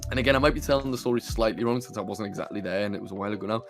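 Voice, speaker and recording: A man's voice: fairly low pitch, racing, faint music behind. A young man hosting a podcast, telling a story in a rambling, sweary way full of fillers. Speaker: podcast host. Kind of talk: casual storytelling. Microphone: computer camera mic.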